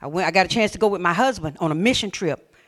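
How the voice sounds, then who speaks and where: A woman pastor from Mobile with an Alabama Southern accent, preaching a sermon in a folksy, humorous storytelling manner that swings between loud and hushed. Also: lowish voice, lively intonation, quick pace.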